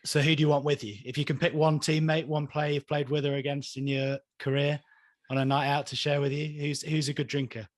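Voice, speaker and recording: A man's voice: a little high, little pitch movement, fairly quick, no echo. A man hosting a rugby podcast who asks friendly, teasing questions. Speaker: podcast host. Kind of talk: interview questions.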